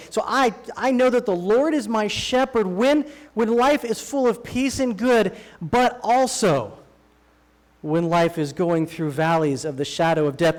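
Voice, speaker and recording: A man preaching a sermon as a guest speaker in a church sanctuary, in a relaxed, joking way that slows down to stress key phrases. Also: sits high. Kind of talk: conversational sermon.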